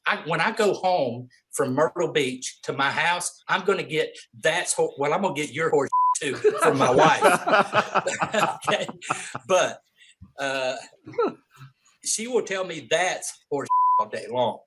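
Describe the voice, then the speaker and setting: A man's voice: on the high side, big pitch swings, a little slow, pushed and bright. A man on a sports talk show, joking and laughing his way through a point. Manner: jokey, laughing as he talks.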